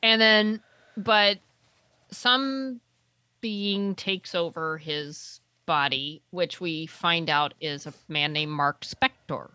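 A woman with a bright, clear voice chats casually, recapping a show in loose, rambling sentences. She often trails off to search for a name. The sound is dry and close, with no room echo. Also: on the low side, slow. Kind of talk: casual chat recapping a TV episode.

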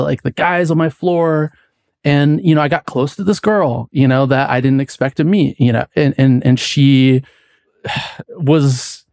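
A man's voice: on the high side, a little mellow, no room sound, studio quality. A young adult man from the United States, a podcast guest telling a long personal story in casual chat, full of likes and restarts. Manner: rambling, many likes and restarts.

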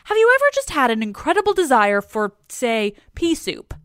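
A woman's voice: high-pitched, wildly swooping pitch, moderate pace, a bit bright, no room sound, pitched above the performer's own voice, full character voice. A woman voicing a pompous, frumpy middle-aged male god in a storytelling retelling, with a dry close sound. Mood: earnest.

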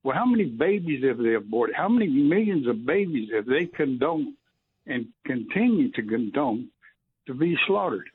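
A man's voice: mid-range voice, sing-song, normal speed, a little hiss or hum. Indignant male caller on a tinny phone line. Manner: indignant, emphatic, rhetorical. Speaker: radio caller. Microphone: telephone.

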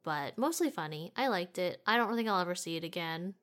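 A woman's voice: lowish voice, expressive, a little fast, a bit bright. A woman co-hosting a casual movie chat, chatty and giggly, with lots of fillers. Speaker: podcast co-host.

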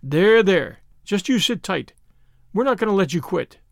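A man's voice: high-pitched, animated, moderate pace, vocal fry, no room sound, studio quality. A man voicing a bold, cheerful young man who talks in breezy slang. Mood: gentle.

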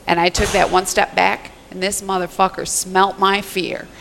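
A middle-aged woman telling a story in casual podcast chat, animated and profane. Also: mid-range voice, moderate pace, gravelly, a little hiss or hum. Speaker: podcast guest.

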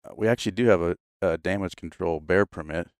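A man's voice: low-pitched, fast, no room sound, studio quality. A man telling hunting stories on a podcast in a casual, laughing way, often quoting others. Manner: laughing, animated storyteller doing quoted voices. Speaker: podcast guest. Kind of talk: casual storytelling.

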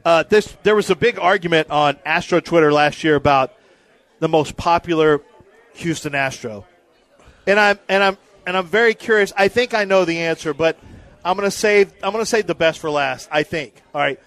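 A man's voice: fairly high pitch, moderate pace, a bit bright, no echo. A man co-hosting a live radio show from a bar, rambling and calling out names to the crowd. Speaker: radio co-host. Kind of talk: live radio chat at a party. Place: bar during a live broadcast.

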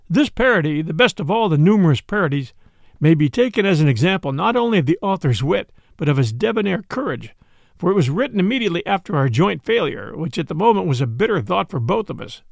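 A man narrating a memoir on a podcast in a measured, expressive storytelling manner. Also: a little high, creaky, no echo, studio quality. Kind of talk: audiobook reading of a memoir.

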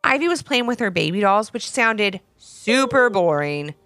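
A woman host narrating a children's story in an expressive, animated way. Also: mid-range voice, measured pace, no room sound.

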